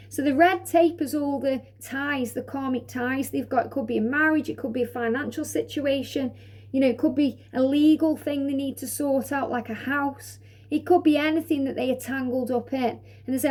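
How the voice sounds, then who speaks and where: A woman's voice: sits high, fairly even intonation, normal speed, darkish tone. A woman presenting an oracle deck, reading each card's message aloud and then explaining it in a repetitive, conversational way with frequent "you know". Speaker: tarot card reader. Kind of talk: oracle deck walk-through.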